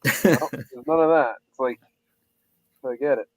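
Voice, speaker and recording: A man's voice: mid-range voice, measured pace, dry recording, rough recording. A man in his thirties chatting casually, telling rambling stories and crude jokes. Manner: crude joking, rambling storyteller. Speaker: podcast co-host. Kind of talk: casual chat.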